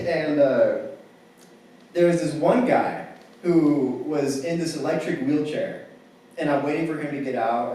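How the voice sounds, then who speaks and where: Young man with a wry stand-up delivery in a booming hall. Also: darkish tone, a little hiss or hum. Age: young adult. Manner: casual, wry storytelling with filler "like". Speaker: stand-up comedian. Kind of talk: stand-up comedy set. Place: campus theater stage before a live audience. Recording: very echoey hall from far off.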